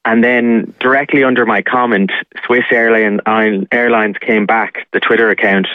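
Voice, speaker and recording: A man's voice: medium pitch, steady tone, moderate pace, no room sound. A man calling in to a radio show, telling a long personal story in a rambling way full of uh fillers. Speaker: caller sharing a scam story. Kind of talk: casual phone-in storytelling. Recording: phone line.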